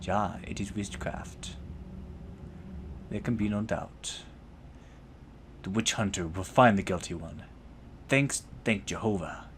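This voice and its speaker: A man's voice: on the low side, lively intonation, brisk, a little hiss or hum, close to an everyday voice. A man voicing an earnest young German witch hunter in a wavering put-on German accent, speaking in formal thee and thou phrasing. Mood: grim. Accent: put-on German, slipping. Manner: formal old-fashioned thee and thou speech. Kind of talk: reading game dialogue aloud.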